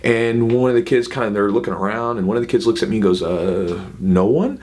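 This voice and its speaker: Man, thirties, quick chatty delivery, middle pitch, coaching talk, lots of "right?" asides. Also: fairly even intonation, a little mellow. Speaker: jiu-jitsu coach and channel host. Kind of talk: casual advice talk to camera.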